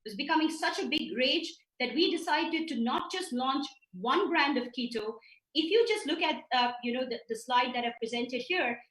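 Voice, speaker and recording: A woman with an Indian English accent and a high voice delivers an emphatic business talk over slides. She sounds set back from the mic in a roomy space, typical of remote webinar audio. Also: expressive, normal speed, a bit bright, far from the mic. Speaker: keynote speaker presenting slides. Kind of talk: online conference presentation. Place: remote virtual event, roomy.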